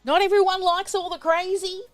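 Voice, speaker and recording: A middle-aged woman, a business coach teaching on a livestream in a bubbly, loud and energetic way. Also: extremely high pitch, a little fast.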